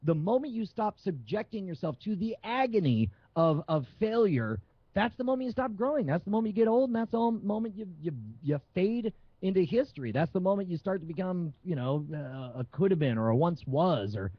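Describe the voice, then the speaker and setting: A male magician talks with lively, swinging emphasis, pressing his points home. His voice sits a bit high, and the sound is dry and dull, like a lo-fi stream. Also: brisk, husky, no room sound. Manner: animated storytelling, emphatic. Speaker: magician guest. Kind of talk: casual live-stream chat.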